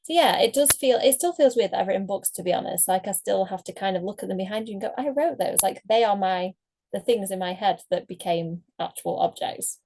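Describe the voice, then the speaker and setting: A woman's voice: mid-range voice, brisk, a little mellow, slight background noise. Chatty rambling woman author. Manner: chatty, rambling, laughs often. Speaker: author guest. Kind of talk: casual interview chat.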